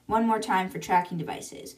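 A woman's voice: mid-range voice, fairly even intonation, normal speed, a little mellow. A woman hosting a book podcast, chattily retelling a novel with lots of "and she's like" asides. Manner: chatty, with many "and she's like" and "blah, blah, blah".

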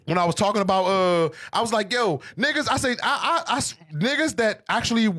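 A man, a comedian, telling stories in casual podcast chat, animated and profane. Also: high-pitched, a little fast. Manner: animated, profane, storytelling rants.

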